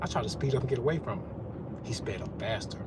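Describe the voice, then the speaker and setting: A man's voice: mid-range voice, animated, quick pace, heavy background noise. A man giving a profane, confrontational rant as a vlogger. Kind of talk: ranting monologue.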